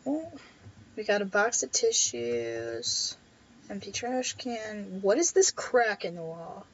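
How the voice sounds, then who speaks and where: A woman's voice: medium pitch, big pitch swings, slow pace, highs cut off, slight background noise. A woman playing a game and chatting through it, wryly reading the on-screen text aloud. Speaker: let's play gamer. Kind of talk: casual gameplay commentary.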